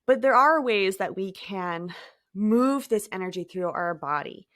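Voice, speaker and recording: Woman host, mid pitch, soft reflective delivery, dry close sound. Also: animated, a little slow, dry recording. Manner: gentle, thoughtful, with light laughs and trailing phrases. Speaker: podcast host. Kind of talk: reflective spiritual talk.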